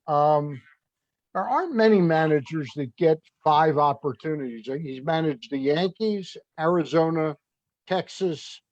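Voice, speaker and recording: A man's voice: on the high side, a little mellow, no echo. A man hosting a sports talk interview, asking long, rambling questions with fillers. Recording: dull, dry audio.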